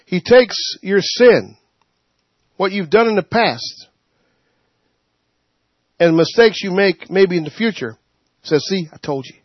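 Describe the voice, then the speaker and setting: A man leading a Bible study, preaching informally in an animated way, laughing and acting out quotes. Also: high-pitched, slow pace, pauses often, no room sound. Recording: dull, muffled sound.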